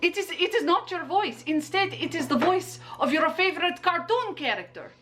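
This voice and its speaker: A woman's voice: very high voice, big pitch swings, normal speed, background noise. A young adult woman chatting playfully through a makeup tutorial, full of jokey asides. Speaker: makeup vlogger. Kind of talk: casual makeup tutorial chat.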